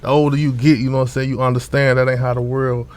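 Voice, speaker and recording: Laid-back young man with flat delivery. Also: medium pitch, quick pace. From Orlando, Florida. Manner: loose, repetitive, street slang, frequent fillers. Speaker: rapper guest. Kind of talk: casual interview talk.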